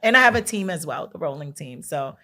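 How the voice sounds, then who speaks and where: A woman's voice: sits low, expressive, brisk, sharp tone. A woman from Brooklyn, a realtor chatting casually as an interview guest, giggling often and using slang. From Brooklyn, New York.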